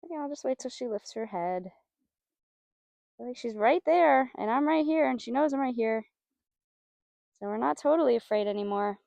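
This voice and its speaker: A woman horse trainer talking casually as she works outdoors with a horse, praising it softly. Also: a little high, animated, normal speed, vocal fry, pauses often, dry recording, dull audio. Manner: soft, coaxing praise to the horse.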